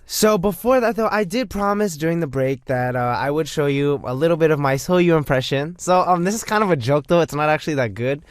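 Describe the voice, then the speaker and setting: Guy dj on the radio, goofy and chatty, super lively voice. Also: a little high, brisk, few pauses, dry recording, studio quality. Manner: playful, chatty, jokey. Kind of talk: radio show hosting. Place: radio studio.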